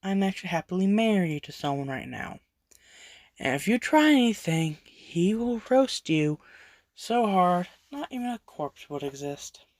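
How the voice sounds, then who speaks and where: A storyteller voicing a confident woman hero who is now a combat teacher, speaking sternly with calm threats. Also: mid-range voice, unhurried, no echo.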